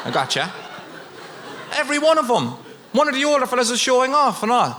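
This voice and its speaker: A man's voice: extremely high pitch, brisk, pauses often, noisy background. A man in his thirties with an Irish accent, performing a stand-up routine and acting out the people in his stories. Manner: animated storytelling, acts out characters. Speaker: stand-up comedian. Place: comedy venue with audience.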